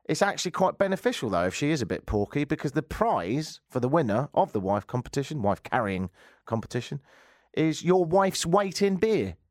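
A man's voice: a little high, dry recording, studio quality. A man hosting a radio show, giving casual commentary with wry, rambling jokes and asides. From England. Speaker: radio host.

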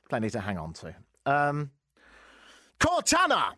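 A man hosting a talk radio show, ranting sarcastically with lively asides from a studio microphone. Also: medium pitch, moderate pace, no room sound. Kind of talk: opinionated talk radio monologue.

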